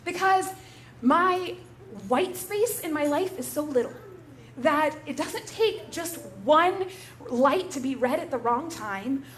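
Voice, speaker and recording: A woman's voice: sits high, animated, slow pace. A woman pastor giving a conversational sermon in a church, telling a story in a relatable way.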